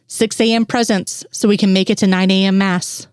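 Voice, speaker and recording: A woman's voice: medium pitch, steady tone, normal speed, darkish tone, smooth, dry recording, studio quality, natural voice. A woman voicing an older, worried mother with a fussy, motherly way of talking. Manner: fussy, motherly, scolding at times.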